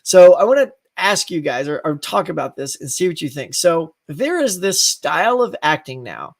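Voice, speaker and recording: A man hosting a casual live stream, rambling and animated and reading viewer comments. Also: on the high side, moderate pace, vocal fry, no room sound, studio quality. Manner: rambling, animated, laughs between thoughts. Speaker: live show host.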